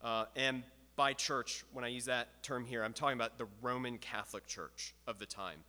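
A man's voice: mid-range voice, fairly even intonation, normal speed, pushed and bright. A man teaching church history in a casual, conversational way, asking his listeners questions as he goes. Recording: long hall reverb.

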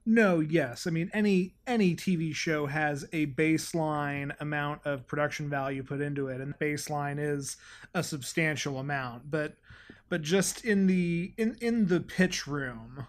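A man's voice: fairly high pitch, a little slow. Man, podcast co-host, sarcastic, stammering repeats, casual chat.

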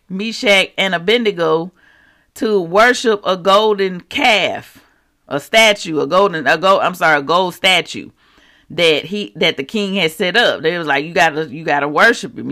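A preacher teaching scripture in a casual, animated way, reading verses and turning to the listeners with quick asides. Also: mid-range voice. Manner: animated, talks straight to the audience with asides; slangy and conversational while quoting scripture. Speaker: Bible teacher.

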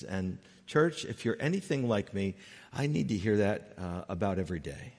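A man preaching a sermon as pastor, earnest, rising loud on key points and dropping soft and slow when moved. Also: low-pitched, sing-song. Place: church sanctuary. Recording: long hall reverb with faint music.

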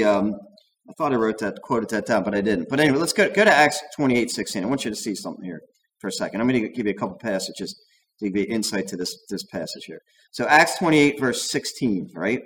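Animated preacher with a lively voice. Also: male voice, medium pitch, brisk, slight background noise, rough recording. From United States. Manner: animated, acts out quoted voices, digressive. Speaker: pastor. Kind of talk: sermon.

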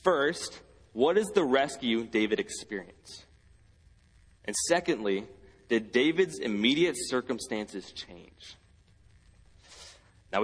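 A husky-voiced man delivers an earnest sermon, slowing down for scripture and lifting his pitch on the quoted pleas. His voice carries a long reverb, as if it fills a large church hall. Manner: earnest, reads scripture slowly, rises in pitch when quoting cries. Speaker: preacher.

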